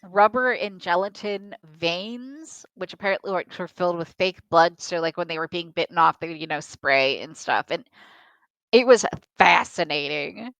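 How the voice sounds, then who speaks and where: A young woman co-hosting a podcast, talking in a measured, thoughtful way with some hesitant fillers. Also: fairly low pitch, lively intonation, fairly bright tone, dry recording. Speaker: podcast co-host. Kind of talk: casual film discussion.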